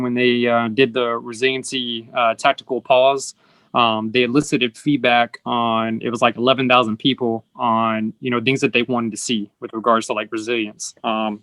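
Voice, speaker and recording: A man's voice: medium pitch, a bit bright, dry recording. A man hosting a casual conversation, earnest and explanatory, with some fillers. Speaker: host.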